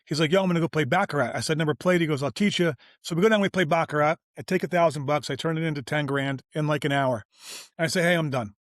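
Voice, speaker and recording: A man telling a story informally on an interview show, animated and slangy, voicing everyone he quotes. His voice sits a bit higher than most men's. The recording is close and dry, with no room sound. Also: quick pace, no echo. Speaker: guest, business owner.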